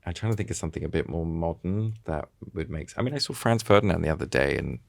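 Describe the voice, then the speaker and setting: A man's voice: deep voice, animated, quick pace, creaky, no echo, clean studio sound. A man in his thirties, a podcast guest, chatting casually and rambling through fillers and restarts. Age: 30s. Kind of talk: casual chat.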